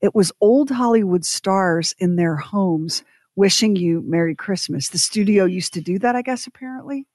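A woman's voice: mid-range voice, moderate pace, a little mellow, dry recording, clean studio sound. Chatty woman co-hosting a radio show. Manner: chatty, storytelling, mimics voices. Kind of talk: casual chat.

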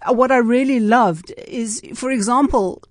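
A woman's voice: on the high side, normal speed, no echo, studio quality. A woman hosting an interview, recalling a workshop with frequent restarts and affirming murmurs. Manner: hesitant, many restarts and fillers, affirming. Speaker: interviewer, host. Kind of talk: conversational interview.

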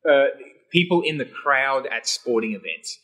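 A middle-aged Australian man, a radio guest, telling stories in casual chat with lively restarts. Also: medium pitch, normal speed. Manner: animated storyteller with many restarts.

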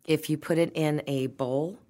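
A woman with a low voice talks about food with playful emphasis. She sounds relaxed and conversational, a chef chatting with friends. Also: normal speed. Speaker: chef and restaurant owner. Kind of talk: casual conversation.

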